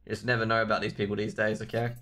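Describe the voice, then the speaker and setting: A man's voice: fairly low pitch, level tone, rapid-fire, pushed and bright. An Australian man casting a live esports match, rambling and joking with the chat between rounds. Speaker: esports caster.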